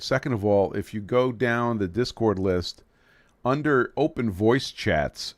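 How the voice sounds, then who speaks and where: Low-voiced joking man hosting a livestream. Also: dry recording. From New York City. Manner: joking, rambling, restarts sentences. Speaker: livestream host. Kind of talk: casual livestream chat.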